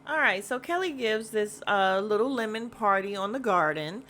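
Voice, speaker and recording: A woman's voice: mid-range voice, animated, moderate pace, fairly bright tone, slight background noise. Blunt, gossipy woman podcast host. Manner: blunt, gossipy and candid, with casual slang and cursing; chatty and rambling, with frequent fillers. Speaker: podcast host recapping a reality show. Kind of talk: casual recap chat.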